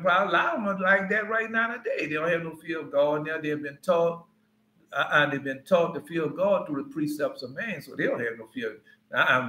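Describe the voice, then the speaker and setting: A man's voice: fairly high pitch, a bit bright. A man giving an informal Bible teaching in a conversational, rambling way with frequent asides. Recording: roomy echo.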